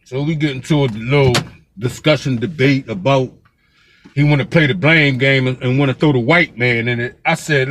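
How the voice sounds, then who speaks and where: A man's voice: mid-range voice, normal speed, fairly bright tone, slight background noise. A man from Pennsylvania giving a fiery, profane street vlog rant as a local commentator, with the same curse repeated throughout.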